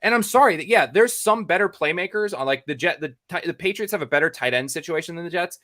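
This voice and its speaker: A man's voice: fairly high pitch, animated, fast, pushed and bright. An American man, a sports reporter co-hosting a podcast, ranting in exasperation, repeating himself and swearing freely.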